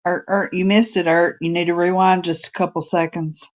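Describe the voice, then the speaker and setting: A woman's voice: on the low side, little pitch movement, normal speed. A woman co-hosting a casual livestream chat, joking and laughing. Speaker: co-host.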